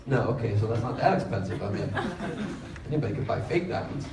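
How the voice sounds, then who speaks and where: A man's voice: medium pitch, lively intonation, quick pace. A man doing improvised stand-up crowd work, teasing the audience with brash, profane jokes and frequent laughter. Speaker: stand-up comedian. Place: comedy club stage. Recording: echoey club, distant, loud crowd. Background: audience laughter and chatter.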